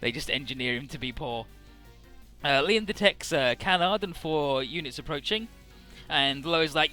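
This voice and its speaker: A man's voice: a little high, moderate pace, bright, forceful tone, soft background music. A young man giving casual, rambling and profane commentary over a video game playthrough. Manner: rambling, profane, jokey retelling. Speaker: Let's Play commentator.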